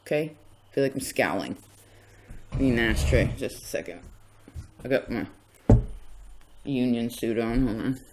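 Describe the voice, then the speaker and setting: A man's voice: medium pitch, moderate pace, long pauses, a little hiss or hum. A man giving a casual tarot reading in a rambling, chatty way, often stopping himself mid-thought. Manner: rambling, chatty, self-interrupting. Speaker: tarot reader.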